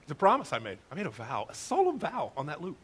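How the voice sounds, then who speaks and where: A middle-aged male pastor telling a funny story in a sermon, with a lively, self-mocking manner. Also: fairly high pitch, quick pace, breathy edge.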